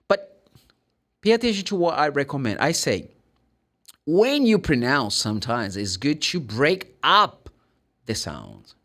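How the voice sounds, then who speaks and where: A man with a Brazilian Portuguese accent teaching English pronunciation, explaining and demonstrating sounds in an animated way. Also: medium pitch, slow pace. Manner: animated, demonstrates sounds and acts out students' questions. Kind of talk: pronunciation lesson.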